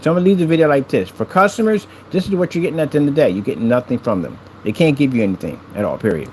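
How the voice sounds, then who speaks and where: A man vlogging to the camera in a boastful, mocking tone, repeating his taunts and getting excited. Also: medium pitch, rapid-fire, a little hiss or hum, low-quality recording. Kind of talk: taunting vlog talk to camera.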